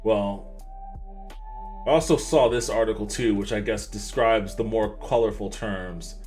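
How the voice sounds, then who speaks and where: A man's voice: on the low side, a little slow, a little mellow, faint music behind. A man hosting a livestream podcast, reading articles aloud and adding casual, wry asides, often stumbling over names. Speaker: podcast host.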